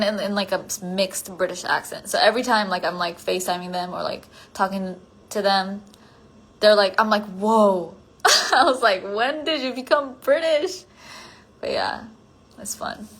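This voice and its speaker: Brief: woman hosting a phone livestream, casual and giggly, with a relaxed, unhurried pace. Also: medium pitch, poor audio. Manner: giggly, self-conscious, chatty with many fillers. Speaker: livestream host reading fan comments.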